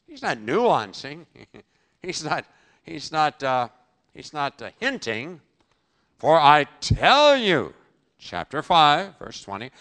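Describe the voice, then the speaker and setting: A man preaching in a bright, forceful voice that leaps around in pitch. He punches key phrases loudly, then drops to a near-murmur, and answers his own rhetorical questions. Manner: emphatic, with sudden loud bursts and drops to quiet. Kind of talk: sermon.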